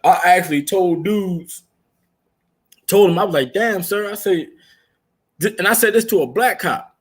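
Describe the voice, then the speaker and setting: This podcast co-host has a high, husky voice and speaks at a moderate pace. In casual chat he spins profane stories, laughing as he tells them.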